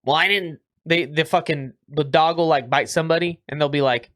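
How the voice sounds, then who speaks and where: A man's voice: a little high, steady tone, a little fast, fairly bright tone. A man co-hosting a podcast in laid-back, slangy, profane chat. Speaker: podcast co-host. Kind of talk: casual chat.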